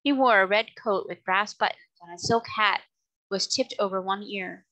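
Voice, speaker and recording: Bright-voiced woman reading a storybook. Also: mid-range voice, moderate pace, rough recording. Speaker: reader. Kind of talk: storybook narration.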